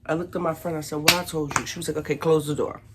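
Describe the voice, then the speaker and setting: A woman from Brooklyn, telling a casual storytime to her viewers and acting out the shouting in it. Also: deep voice, fast, noisy background. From Brooklyn, New York. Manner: animated, acts out shouted quotes. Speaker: vlogger.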